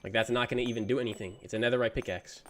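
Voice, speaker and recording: A man's voice: mid-range voice, fairly even intonation, very fast, a bit bright. Laid-back young man streaming games. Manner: laid-back, reads chat messages aloud and answers them; slangy, says "bro" often. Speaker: gaming streamer. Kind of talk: casual livestream chat.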